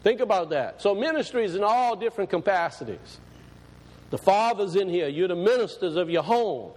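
A man preaching a sermon in a conversational way, repeating phrases for emphasis and slowing down to read scripture aloud. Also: high voice, animated, darkish tone, big-room sound. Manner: slows and rises when reading scripture aloud.

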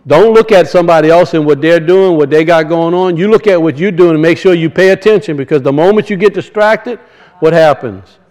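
High-voiced preacher. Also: male voice, a little fast, darkish tone, poor audio. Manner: folksy storytelling, rising to emphatic scripture reading. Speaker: pastor. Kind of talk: sermon.

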